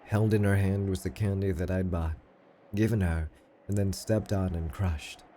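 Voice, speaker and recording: A man streaming himself reading a visual novel aloud in a steady, low-key narrating voice. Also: normal speed, slight background noise.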